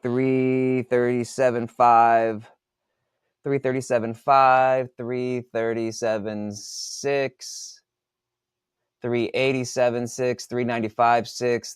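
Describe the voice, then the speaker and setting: A man who writes books, talking casually in a podcast monologue, swearing a lot and working out sums out loud. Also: medium pitch, smooth, no room sound, clean studio sound. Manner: profane, thinks aloud while doing math. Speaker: author.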